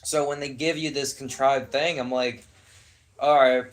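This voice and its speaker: A man's voice: medium pitch, fairly even intonation, moderate pace, a bit bright. A young man ranting in casual podcast chat, heated, sarcastic and profane.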